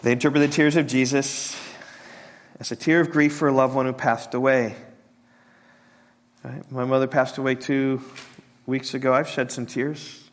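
A man preaching a sermon as a pastor, halting and repeating words, sinking to a soft hush on tender points. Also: mid-range voice, steady tone.

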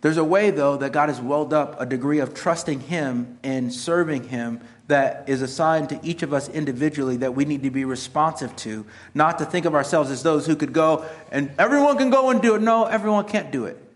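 A middle-aged man preaching a sermon in a noticeably high voice. He talks like a pastor chatting with his congregation, slipping from self-deprecating jokes into earnest exhortation. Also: a little fast, few pauses. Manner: conversational, self-mocking humor mixed with earnest exhortation. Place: church sanctuary.

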